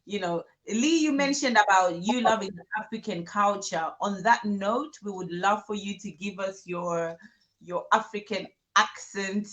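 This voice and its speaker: A woman co-hosts a casual conversation, speaking warmly and with emphasis. Her voice sits at a middle pitch. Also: measured pace. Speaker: co-host. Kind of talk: casual chat.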